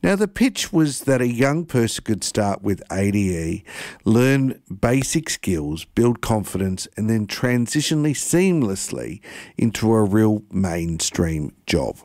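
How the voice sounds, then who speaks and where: A man's voice: on the low side, very animated, measured pace, darkish tone, no echo, studio quality. A man with an Australian accent hosting a community radio talk show, stumbling over words and laughing at himself. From Tasmania, Australia. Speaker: radio host.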